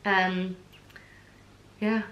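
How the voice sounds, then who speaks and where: A woman's voice: mid-range voice, little pitch movement, very slow, a bit bright, muffled recording. Chatty Essex woman ranting to camera. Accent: Essex English. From Essex, England. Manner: chatty, indignant, lots of fillers. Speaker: blogger. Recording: roomy echo.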